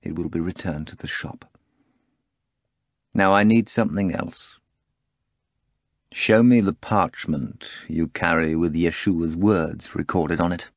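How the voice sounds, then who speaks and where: A man voicing a stern, weary Roman procurator who questions quietly and commands. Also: deep voice, fairly even intonation, takes it slowly, pauses often, no echo, studio quality, full character voice.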